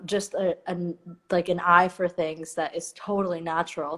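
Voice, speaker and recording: A woman from Napa, California, telling a story as a guest artist in a casual conversation, with lots of fillers and restarts. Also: on the low side. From Napa, California, USA. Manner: animated, laughs often, lots of fillers and restarts.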